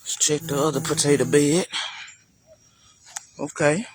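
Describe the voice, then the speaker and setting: A man's voice: a little high, steady tone, unhurried, background noise. A man giving a casual, chatty walk-through of his garden for viewers, talking loosely and calling them y'all. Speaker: gardening vlogger. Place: outdoor garden.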